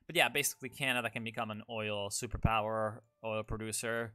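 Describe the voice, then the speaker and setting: A young man giving loose, rambling commentary on a strategy game, sarcastic and quick to swear. His voice is bright and forceful, and soft background music runs beneath him. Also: on the low side, little pitch movement. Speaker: gaming YouTuber.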